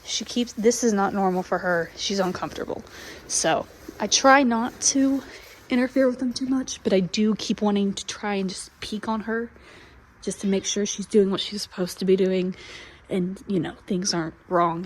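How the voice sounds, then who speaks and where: A woman filming a casual vlog while walking a horse barn at midnight, speaking quietly and often whispering so she won't disturb the mares. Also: mid-range voice, normal speed, slight background noise. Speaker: horse breeder vlogger. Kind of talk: casual vlog, hushed late-night barn walk. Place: dark horse barn at night.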